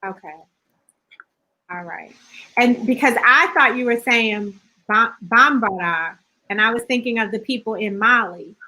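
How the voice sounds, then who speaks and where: A woman hosts an interview with a curious, affirming manner and often checks how names are spelled. Her voice is bright and sits a little high. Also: a little slow, low-quality recording. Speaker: host.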